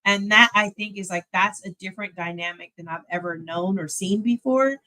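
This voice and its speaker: A woman streamer giving casual reaction commentary on a clip, animated, laughing and talking back to it. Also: medium pitch, normal speed.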